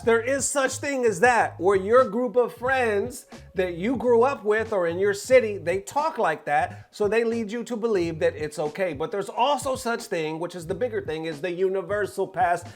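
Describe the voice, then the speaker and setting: A man hosting a commentary show, talking casually and animatedly straight to his viewers in slangy speech. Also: high-pitched.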